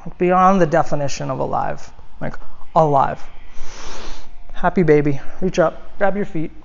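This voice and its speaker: Calm yoga teacher, woman, lo-fi. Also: low voice, normal speed, vocal fry. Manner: calm cueing with casual asides, many "like"s. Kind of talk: guided yoga class instruction. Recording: dull lo-fi sound.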